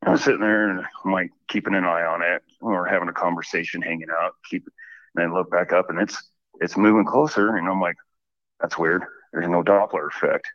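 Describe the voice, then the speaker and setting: A man calling in to a show, telling a story in a rambling, animated way. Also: deep voice, fairly quick, no echo. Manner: rambling, animated retelling with many "I'm like" asides. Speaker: caller. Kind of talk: casual storytelling. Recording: muffled phone call.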